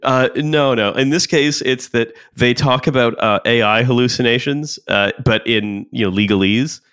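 A man with an ordinary mid-range voice, recorded close in a dry, dead room. He hosts a casual podcast discussion and talks in halting bursts full of fillers and restarts. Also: mid-range voice, a bit bright, smooth, dry recording. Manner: hesitant, many restarts and fillers. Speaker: podcast host. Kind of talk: casual podcast discussion, reading out legal text.

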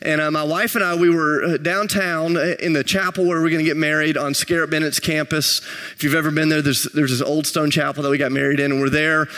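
A male pastor preaches a sermon, his voice pitched a bit high. He tells stories with self-deprecating humor, then builds to rising intensity. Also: level tone, quick pace, bright, forceful tone.

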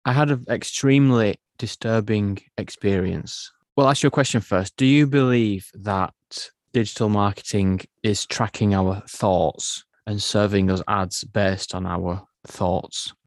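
Low-voiced man co-hosting a podcast. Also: a little slow, few pauses, dry recording, studio quality. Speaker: podcast co-host. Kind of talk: casual chat.

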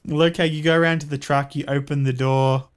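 A man narrating a tabletop game as game master, describing scenes calmly. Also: a little high, a little fast, clean tone.

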